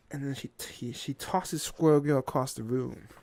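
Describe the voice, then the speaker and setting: An ASMR storyteller reading a comic aloud softly, often slipping into whispers and making chatty asides. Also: mid-range voice, normal speed, gravelly.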